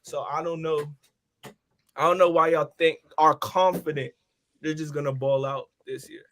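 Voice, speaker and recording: A man's voice: a little high, steady tone, normal speed, fairly bright tone. Conversational man arguing basketball. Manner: conversational, uses fillers like "like" and "I mean". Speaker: sports podcast co-host. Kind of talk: casual sports debate.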